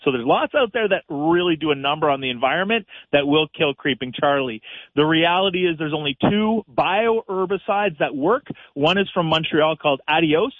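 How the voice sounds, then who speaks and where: A man's voice: on the high side, dry recording. A man from Canada, a gardening expert on a radio call-in, giving practical step-by-step advice with easy laughs. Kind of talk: casual advice chat. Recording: tinny phone-line sound.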